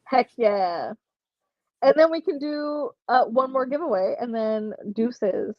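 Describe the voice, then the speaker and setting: A woman's voice: a little high, expressive, takes it slowly, no echo, highs cut off. A young woman hosting a casual livestream giveaway, chatting and laughing while reading comments from chat aloud. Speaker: livestream host running a giveaway.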